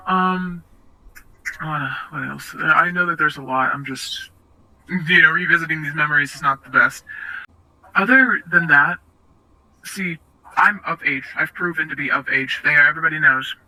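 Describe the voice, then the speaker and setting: A young woman being interviewed, recounting personal experiences in a halting, hesitant way with many restarts. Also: low voice, pushed and bright, low-quality recording. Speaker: interview guest.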